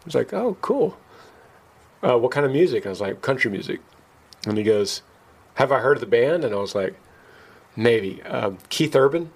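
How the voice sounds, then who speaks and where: A man's voice: medium pitch, fairly quick, pauses often, slightly rough. A man hosting a podcast, telling a story in casual chat and acting out the quoted lines with a lifted voice. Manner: animated, acts out quoted lines in a raised voice; laughs at himself mid-story. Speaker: podcast host.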